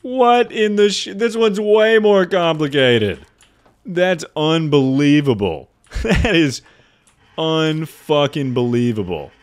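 A man's voice: a little high, animated, slow. Tipsy, swearing male streamer. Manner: rambling, swearing, frequent laughter. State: drinking, tipsy. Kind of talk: casual game-stream chatter.

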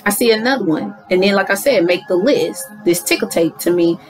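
Animated woman doing a spiritual card reading. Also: mid-range voice, a little fast, faint music behind, rough recording. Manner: animated, talks to viewers as y'all, affirming. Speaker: tarot card reader.

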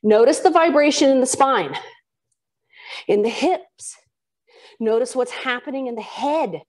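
Guiding a live yoga class, a woman speaks at a measured pace in a high voice with lively intonation. She offers chatty encouragement between breaths while shifting through poses, and her voice now and then drifts off-mic.

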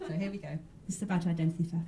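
A woman's voice: on the low side, steady tone, very fast, mellow, far from the mic, slight background noise. A woman hosting a mock chat show in a stand-up character act, talking in a prim, genteel, rambling way.

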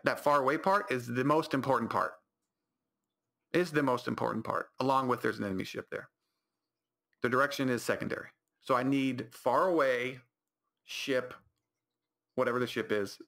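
Young guy rambling through a funny story on his podcast, gravelly and bright. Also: mid-range voice. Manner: rambling, animated, self-correcting. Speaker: podcast host. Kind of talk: comedic storytelling monologue.

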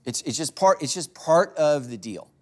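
A man's voice: a little high, expressive, moderate pace. A man preaching as a pastor to his congregation, telling funny stories in a loose conversational sermon that he speaks straight to the crowd. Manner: joking storyteller, talks straight to the congregation. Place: church stage before a congregation.

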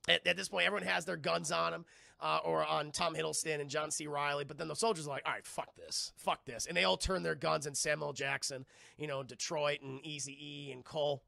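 A man streaming a casual movie review, excitable and profane, often restarting his sentences. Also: fairly high pitch, fairly quick, gravelly, no echo, clean studio sound. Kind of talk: casual livestream commentary.

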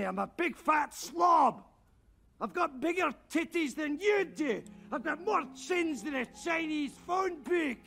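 An actor playing an obese, crude, boastful man with a gravelly, bawdy voice in a film comedy. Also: extremely high pitch, a bit bright, heavily acted. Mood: self-pitying.

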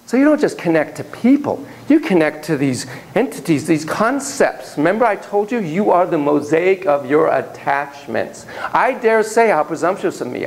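Theatrical male lecturer, fairly high voice. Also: gravelly, low-quality recording. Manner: animated, theatrical, jumps between hushed and exclaiming; asks the class questions. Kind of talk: classroom lecture. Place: classroom.

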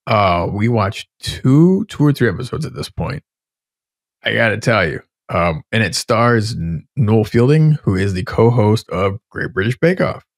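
A man's voice: lowish voice, expressive, measured pace, no echo, clean studio sound. A man in his thirties co-hosting a podcast in casual chat, rambling and swearing freely as he reviews shows. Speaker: podcast co-host.

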